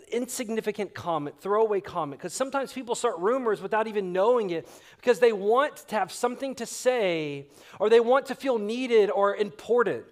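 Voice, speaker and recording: A male pastor, preaching a sermon and telling stories animatedly, acting out the dialogue. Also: sits high. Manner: animated storyteller acting out quotes. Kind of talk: sermon with storytelling.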